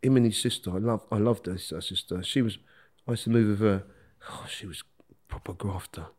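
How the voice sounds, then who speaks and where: A middle-aged man, telling stories as a podcast guest in a casual, animated way, acting out quotes and laughing as he talks. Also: lowish voice, fairly quick. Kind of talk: casual storytelling.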